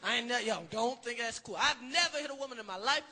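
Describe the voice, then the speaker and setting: High-pitched shouting male comic. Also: fast. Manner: loud, profane, shouting bursts. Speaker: stand-up comedian. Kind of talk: stand-up comedy routine. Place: comedy stage before live audience. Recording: live show with roaring crowd and noise.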